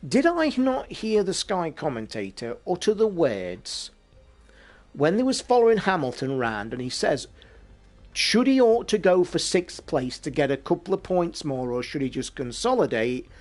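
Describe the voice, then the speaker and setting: A man's voice: measured pace, faint music behind. Sweary man ranting. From England. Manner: sweary, animated, swings from loud outbursts to low asides. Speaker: podcast host. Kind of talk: casual sports rant.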